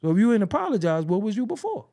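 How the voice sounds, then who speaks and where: A man's voice: high voice, very animated, racing, mellow. Blunt, profane man ranting. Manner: mimics other people's phrases mockingly. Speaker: show host. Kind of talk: casual commentary rant.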